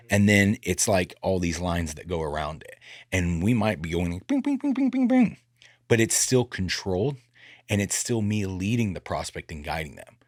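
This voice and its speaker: A man with a low, lively voice chats casually on a sales podcast. He jokes and acts out snippets of conversation. The sound is close and dry, with no room around it. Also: no room sound. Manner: animated, joking, acts out dialogue.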